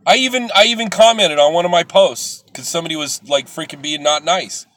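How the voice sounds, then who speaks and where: A middle-aged man hosting a live video, talking bluntly and preachily to viewers with some swearing, swinging from loud outbursts to soft, earnest stretches. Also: a little high, a little fast, slight background noise. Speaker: livestream host.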